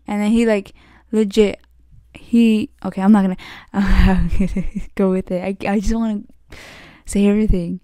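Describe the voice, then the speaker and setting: A woman's voice: medium pitch, little pitch movement, moderate pace, dark tone, smooth, no room sound, clean studio sound. A young woman hosting her podcast, telling a story in a rambling casual way, full of "like" and frequent restarts. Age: young adult. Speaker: podcast host.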